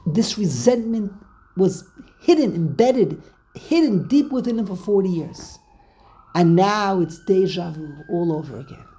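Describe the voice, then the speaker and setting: A woman giving an animated scripture lecture, repeating key phrases for emphasis and using many Hebrew terms. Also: medium pitch, rough recording. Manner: uses Hebrew terms throughout. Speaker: Torah teacher.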